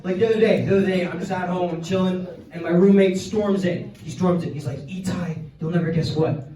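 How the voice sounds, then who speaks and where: A young Canadian man in his twenties does a crude, rambling stand-up set full of fillers on a comedy club stage. His voice sits high, with fairly even intonation and a fast pace, over background music and audience laughter. The roomy club sound is captured from far off.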